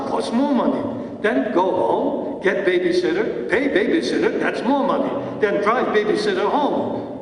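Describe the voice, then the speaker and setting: A man putting on a Russian accent to play an older male theater teacher who speaks broken English with emphatic repetition, heard from far off in an echoey hall. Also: sits high. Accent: Russian, put on. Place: large event hall.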